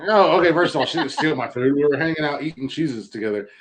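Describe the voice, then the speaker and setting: A man's voice: fairly high pitch, animated, quick pace. A man co-hosting a podcast in casual chat, telling rambling stories with lots of laughter. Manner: joking storyteller, rambling, laughs often. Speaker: podcast co-host.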